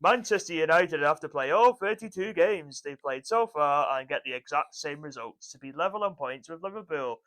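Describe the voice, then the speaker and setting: A man's voice: a little high, lively intonation, moderate pace, few pauses, fairly bright tone. A man, co-hosting a podcast in casual banter, swearing freely and laughing often. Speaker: podcast co-host.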